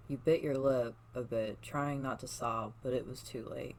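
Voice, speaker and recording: A storyteller reading a second-person fan story aloud, soft-spoken, with small slips and restarts. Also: medium pitch, steady tone, moderate pace, few pauses, slight background noise, rough recording. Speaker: fan fiction reader.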